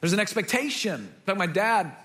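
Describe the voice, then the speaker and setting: A man preaching a sermon, telling stories with animated delivery and acting out the people he quotes. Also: high-pitched, brisk. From United States. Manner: animated storytelling, acts out quoted voices. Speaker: pastor.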